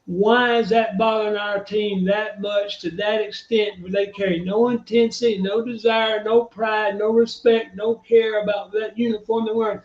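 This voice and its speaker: Man, high voice, heated profane rant, echoey dull lo-fi sound; fan show regular. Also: little pitch movement, moderate pace, hardly any pauses. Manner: fired-up, profane, ranting. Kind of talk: heated sports fan talk.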